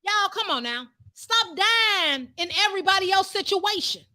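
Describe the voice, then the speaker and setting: Fervent high-voiced woman preaching. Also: lively intonation, normal speed, bright, forceful tone. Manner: fervent, repetitive, conversational preaching. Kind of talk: live-streamed sermon.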